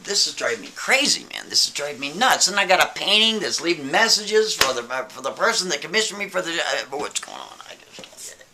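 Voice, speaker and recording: A man's voice: fairly high pitch, sing-song, fast, background noise. A man voicing a stressed young male painter who frets and rambles, anxious and baffled. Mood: frazzled. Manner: fretful, rambling.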